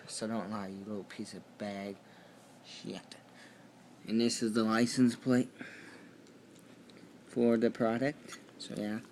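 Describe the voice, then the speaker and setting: A young man talks through a toy review at home in a loose, rambling way, full of fillers and restarts. His voice sits low and stays fairly flat, and he speaks at an unhurried pace. Faint room noise hums behind him. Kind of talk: casual video toy review.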